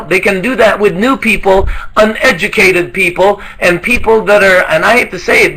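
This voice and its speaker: A man's voice: high voice, sharp tone, rough recording. A man giving an emphatic motivational sales training talk, firing off rhetorical questions.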